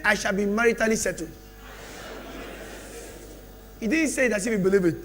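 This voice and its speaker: A man pastor preaching a sermon at a church service, shouting declarations and calling for the congregation to respond. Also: very high voice, big pitch swings, fast talker, few pauses.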